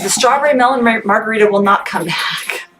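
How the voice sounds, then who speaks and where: Packing orders at her home workspace, a small business owner hosts a relaxed live sales stream for her family business, chatting brightly and laughing a lot. Her voice sits fairly high, sounds a bit bright and expressive, and moves a little fast. Clicks and background noise run through the audio.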